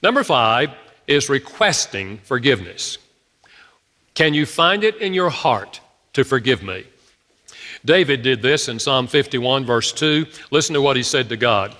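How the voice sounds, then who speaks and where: A man's voice: mid-range voice, lively intonation, measured pace, bright, forceful tone. Storytelling man in an echoey hall. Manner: retells stories, acting out the quoted speakers. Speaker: author and speaker on relationships. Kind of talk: storytelling talk.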